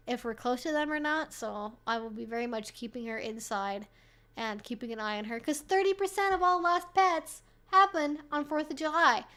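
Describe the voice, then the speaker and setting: A woman's voice: sits high, fairly bright tone. A woman hosting a live stream, answering viewer questions in a casual, chatty way. She swears freely, fills her talk with "like", and laughs often between remarks.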